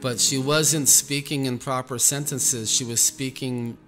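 A man, a Christian minister, telling a personal testimony in an earnest, halting way, repeating words as he goes. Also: mid-range voice, steady tone, fairly bright tone. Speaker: Christian minister recounting an experience. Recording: echoey room, faint music behind.

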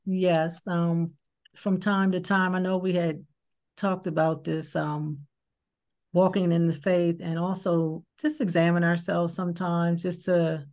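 Female participant, lower pitch, thoughtful and hesitant delivery. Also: little pitch movement, measured pace, a little mellow. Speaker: Bible study participant. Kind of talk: group discussion.

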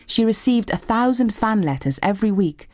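A woman narrating a documentary in measured scripted storytelling. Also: medium pitch, expressive, darkish tone.

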